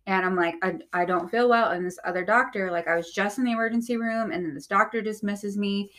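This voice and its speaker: A woman talks as a podcast guest, telling a personal story in a candid, conversational way. Her speech is loose and filled with "like" as she goes, at an everyday mid pitch. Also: fairly quick, a bit bright. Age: young adult or older.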